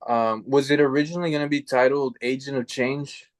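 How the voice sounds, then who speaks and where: A male podcast host talks in a relaxed, loose way, with a mid-range pitch. He hesitates and drops casual slang as he talks. The sound is dry and close-miked. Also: fairly quick, no room sound. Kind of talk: casual interview chat.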